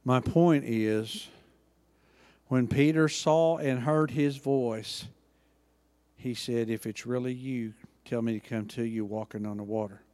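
A man preaching a sermon, acting out Bible dialogue with lively emphasis. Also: mid-range voice, slow, big-room sound. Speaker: pastor.

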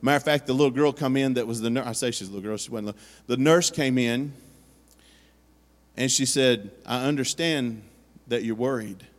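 A man preaches at an ordinary male pitch, telling his story earnestly and slipping into the voices of the people he quotes. His voice carries a long reverb from the church hall around him. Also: fairly quick. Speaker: pastor. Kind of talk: sermon. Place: church sanctuary.

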